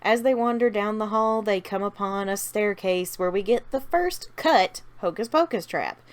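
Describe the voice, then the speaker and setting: A woman's voice: medium pitch, normal speed. A woman casually narrating a fan-made story idea, with chatty asides to her viewers.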